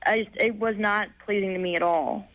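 A woman caller on a radio show, giggly and halting, stopping and restarting as she gets her question out. Her voice sounds dry and close. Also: medium pitch, steady tone, a bit bright, no echo, highs cut off. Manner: hesitant, giggly.

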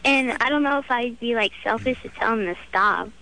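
A teenage girl calls into a radio show, her voice small, high and bright. She speaks hesitantly and often trails off with fillers. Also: brisk, creaky, poor audio. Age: teens. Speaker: caller.

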